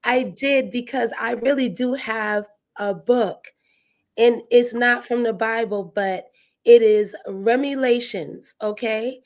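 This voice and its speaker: A woman's voice: a little high, steady tone, slow pace. A playful woman from Boston, a guest joking along in a casual chat.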